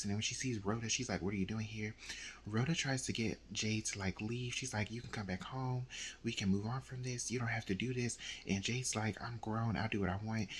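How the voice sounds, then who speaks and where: A man's voice: lowish voice, a bit bright. A young man casually retelling a novel's plot, slipping into quoted lines from the characters. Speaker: book reviewer. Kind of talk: casual book recap. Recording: faint background noise.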